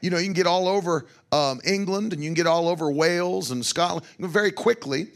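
A man's voice: high-pitched, fairly quick. A man preaching and teaching emphatically, punctuating his talk with amens and hallelujahs. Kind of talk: sermon-style teaching to a broadcast audience.

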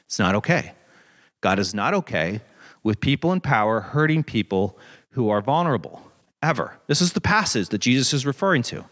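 A man preaching a sermon in an animated, conversational way, with dramatic scripture readings. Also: medium pitch, normal speed. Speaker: pastor.

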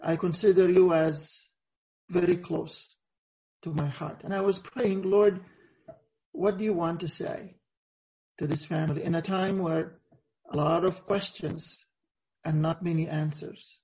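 Male preacher, high-pitched, earnest and halting, dull lo-fi video-call sound. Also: fairly even intonation, warm tone. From Egypt. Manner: earnest, reflective, halting with frequent pauses. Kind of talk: sermon over a video call.

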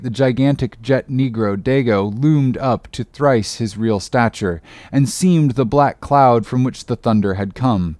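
A man reading a classic novel aloud in a measured, dramatic narration. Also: medium pitch, darkish tone, dry recording. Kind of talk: audiobook narration.

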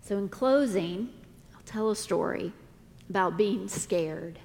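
A middle-aged woman pastor preaching a sermon, speaking deliberately with dramatic pauses. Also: medium pitch, creaky, a little mellow. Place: church sanctuary. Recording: long reverb of a church hall.

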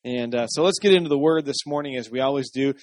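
A man's voice: mid-range voice, fast talker, dry recording, clean studio sound. Give me a male pastor preaching a conversational sermon. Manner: conversational, asks the congregation for responses.

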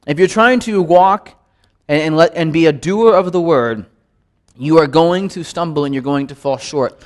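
A man teaching a midweek Bible study in a relaxed, conversational way, often repeating words to stress a point. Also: a little high. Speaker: pastor.

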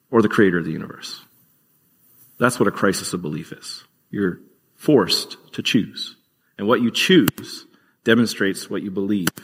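A man's voice: on the low side, husky, long reverb tail. A man preaching a sermon as pastor, earnest and conversational, with occasional fillers.

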